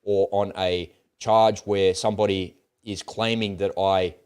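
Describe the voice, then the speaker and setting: A man in middle age holds forth in a casual, blunt monologue. His voice sits fairly low, and he tells his story with lively, animated swings and the odd curse. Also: a little slow, clear, resonant tone. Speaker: host of political commentary channel.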